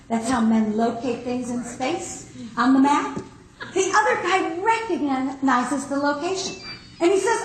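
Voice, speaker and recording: A woman's voice: high voice, expressive, moderate pace, roomy sound, slight background noise, low-quality recording. A woman speaker giving a humorous keynote talk, acting out the voices of the people she describes. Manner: comic, acts out quoted voices.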